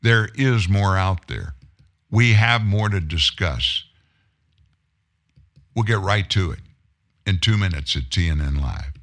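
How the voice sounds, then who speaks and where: A man's voice: sits low, slow pace, long pauses, a bit bright. A male news host reading political stories and then editorializing in a sarcastic, indignant way. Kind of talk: news reading and opinion commentary.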